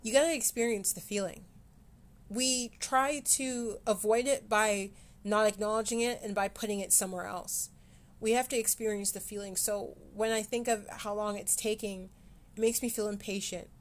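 A woman hosting a personal podcast, talking candidly and with self-deprecating humor, often halting with fillers and restarts, close to tears at times. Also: medium pitch, fairly even intonation. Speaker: podcast host. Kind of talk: personal mental health podcast.

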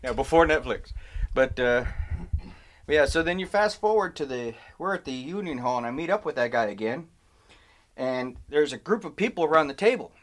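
Middle-aged guy, kinda high voice, rambling swear-y stories on a podcast. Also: expressive, normal speed. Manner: rambling, profane anecdotes with acted quotes. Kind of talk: casual podcast chat.

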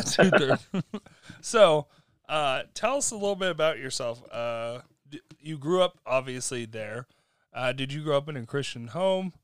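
A man's voice: medium pitch, animated, a little slow, fairly bright tone, clean tone, dry recording. A man hosting a casual podcast chat, telling stories and laughing often. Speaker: podcast host. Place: Utah.

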